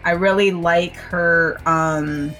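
A woman from Wisconsin co-hosts a casual gaming podcast, bubbly and chatty, peppering her talk with "like" and "dude" and laughing often. Her voice sits a bit low for a woman, with faint guitar music underneath. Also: fairly even intonation, takes it slowly, a bit bright. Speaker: podcast co-host. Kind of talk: casual chat.

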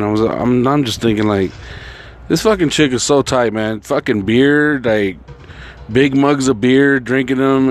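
A man casually telling a rambling personal story, swearing constantly and filling gaps with "like" and "you know". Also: mid-range voice. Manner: rambling, profane, heavy filler words.

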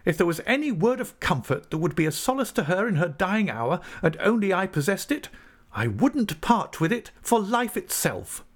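A man's voice: high voice, big pitch swings, normal speed, pitched above the performer's own voice. A man voicing a scornful, furious young woman in an audiobook, speaking with vehement, venomous rage.

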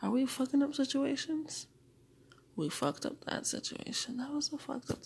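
Woman, solo podcast monologue, talks to herself, heavy swearing, slightly high voice, very animated pitch. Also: normal speed, gravelly, background noise. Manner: profane, argues with herself in questions and answers.

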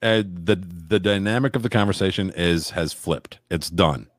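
A man's voice: low voice, normal speed, no echo, studio quality. A man in a casual podcast chat, telling rambling stories with crude jokes. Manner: rambling, crude joking storyteller.

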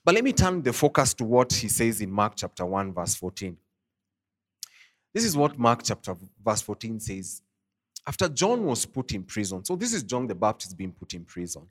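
A man preaching an online sermon, who reads scripture aloud slowly and talks to his listeners in a loose, conversational way full of "you know" and "I mean". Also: fairly low pitch, sing-song. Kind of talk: online sermon, Bible teaching.

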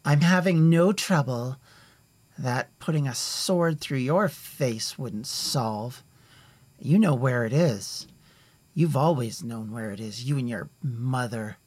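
A man's voice: mid-range voice, takes it slowly, a little mellow, voice pushed up. A man voicing a hostile, sneering pale elven woman who speaks with scorn and threats.

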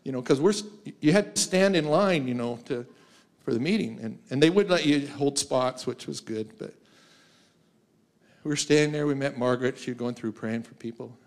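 Here a guest preacher in a church sanctuary talks at normal speed in a mid-range voice. He leans on storytelling from his own life, laughing a lot and voicing the characters he quotes.

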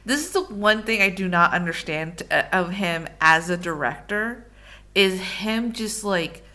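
A woman's voice: lowish voice, measured pace, pushed and bright. A woman co-hosting a film podcast, talking frankly and casually, with the occasional swear word. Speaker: podcast co-host.

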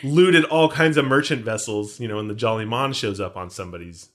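A man's voice: on the low side, fairly quick. Rambling, jokey man podcasting. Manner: jokey, rambling, self-mocking. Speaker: podcast co-host. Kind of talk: casual chat about a film.

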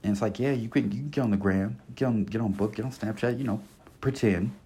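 A podcast host in his twenties goes on a blunt, passionate solo rant, packed with slang and swearing, repeatedly circling back to his points. His voice is lowish, mellow and husky, and he talks quickly.

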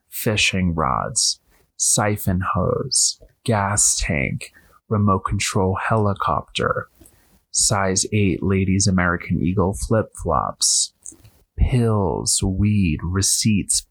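Man, low husky voice, dry close sound, animated storyteller, lots of "like". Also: drawn-out words, dry recording. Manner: animated, acts out quotes, heavy use of "like". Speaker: podcast host. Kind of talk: storytelling monologue.

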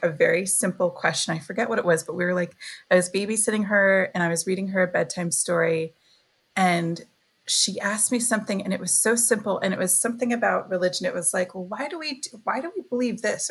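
A woman who is a parent, a guest in a casual interview, telling relaxed stories and laughing often. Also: on the low side, slightly rough.

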